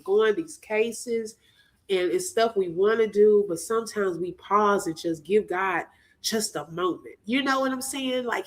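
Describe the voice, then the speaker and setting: A woman hosting a livestream, speaking with a preaching cadence, laughing through tears. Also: medium pitch. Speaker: livestream host. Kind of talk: emotional faith-filled livestream talk.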